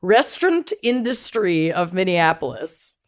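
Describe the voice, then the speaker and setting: A woman's voice: fairly low pitch, very animated, measured pace. A woman co-hosting a podcast in casual chat, enthusiastic and laughing often. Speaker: podcast co-host.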